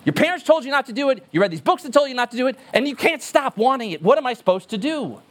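A man's voice: very high voice, sing-song, quick pace. A man preaching a sermon as pastor, emphatic and earnest, repeating words for stress.

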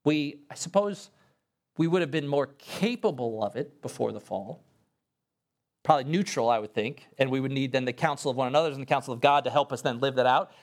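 A male pastor preaching a sermon in an earnest, emphatic way, talking straight to his congregation and lifting his voice for stress. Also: brisk. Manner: earnest, emphatic preaching with sudden rises in pitch and pace; addresses the congregation directly and conversationally.

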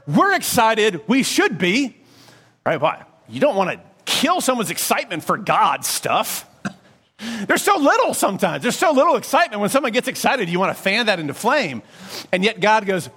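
A male pastor delivering a sermon, talking to his listeners in a conversational, animated way. His voice sits high and leaps around a lot in pitch. He keeps checking in with rhetorical questions and small asides.

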